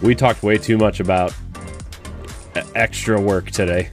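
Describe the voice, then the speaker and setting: A man hosting a casual podcast chat, relaxed and chatty, laughing easily. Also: lowish voice, measured pace, soft background music. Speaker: podcast host.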